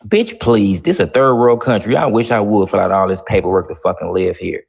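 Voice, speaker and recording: A man's voice: on the low side, fairly quick, creaky, breathy edge, highs cut off. A man hosting a live online talk show, brash and profane, mocking his callers. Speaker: host.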